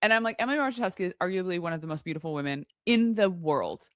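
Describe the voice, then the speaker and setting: A woman's voice: on the low side, expressive, racing, no room sound, studio quality. A woman co-hosting a casual chat show, telling a story with gasps, laughs and lots of enthusiasm. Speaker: co-host.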